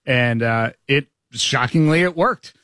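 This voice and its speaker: A man's voice: mid-range voice, slow, bright, forceful tone, no echo, clean studio sound. A man co-hosting a morning radio show, telling a chatty anecdote. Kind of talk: casual chat.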